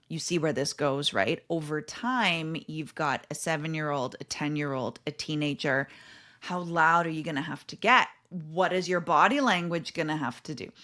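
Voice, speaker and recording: Woman podcast host, parenting coach; lively casual storytelling, mid pitch. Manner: animated storyteller, acting out parents' lines.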